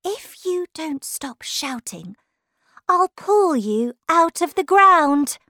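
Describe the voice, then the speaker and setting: A woman's voice: high voice, sing-song, takes it slowly, fairly bright tone, no echo, clean studio sound, pitched above the performer's own voice, full character voice. A woman voicing a curious, polite young girl in a storybook reading, sounding eager and wide-eyed.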